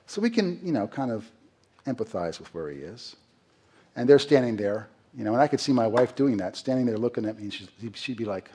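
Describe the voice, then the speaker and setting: A middle-aged male pastor delivers a sermon with a slightly husky voice. He talks to his listeners in a conversational way, asks them rhetorical questions and acts out quotes. His voice sits at an ordinary pitch for a man. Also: lively intonation, fairly quick, dark tone.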